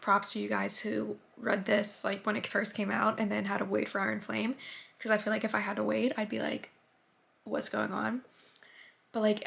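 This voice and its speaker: Chatty young woman, gravelly edge. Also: medium pitch, a bit bright. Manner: chatty, filler-heavy, drops to whispers at times. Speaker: book vlogger. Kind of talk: casual reading vlog.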